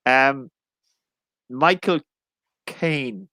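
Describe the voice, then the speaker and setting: A man's voice: mid-range voice, drawn-out words, pushed and bright, dry recording. A man with an Irish accent, an English teacher in a casual live chat, rambling and jokey, often correcting himself.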